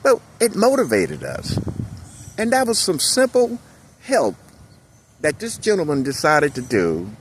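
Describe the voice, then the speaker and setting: A man's voice: on the low side, slight background noise. A middle-aged man giving a casual motivational monologue, folksy and rambling, chuckling often as he talks.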